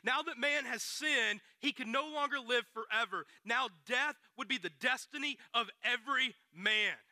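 A man's voice: very high voice, moderate pace, bright, forceful tone, dry recording, clean studio sound, heavily acted. A man voicing God in a sermon, earnest and declaring. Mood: solemn. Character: God speaking, solemn and promising.

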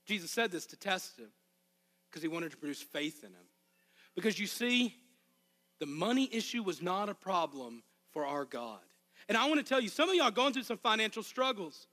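High bright-voiced Arkansas preacher. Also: male voice, expressive, moderate pace. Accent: Arkansas Southern US. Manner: impassioned, emphatic repetition. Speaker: pastor. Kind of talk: sermon. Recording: long hall reverb.

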